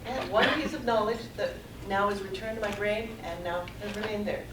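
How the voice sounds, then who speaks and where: Woman, middle-aged, conference speaker, earnest measured storytelling, distant mic, background noise. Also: mid-range voice, roomy sound. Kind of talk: prepared personal talk read aloud. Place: conference room.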